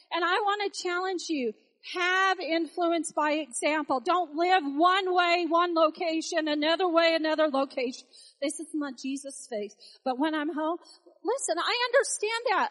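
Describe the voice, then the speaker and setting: A woman preaches with a notably high voice, moving between storytelling and urgent exhortation. Her delivery is animated and emphatic, leaning hard on repeated phrases. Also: normal speed, poor audio. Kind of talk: sermon.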